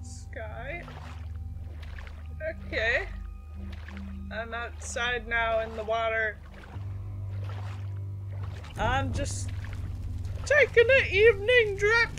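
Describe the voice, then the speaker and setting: A woman's voice: on the high side, animated, extremely slow, pauses often, a bit bright. A young woman chatting casually as she plays through a horror game, reacting aloud to each action. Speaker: gameplay streamer. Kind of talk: casual let's-play commentary. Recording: faint game music behind her.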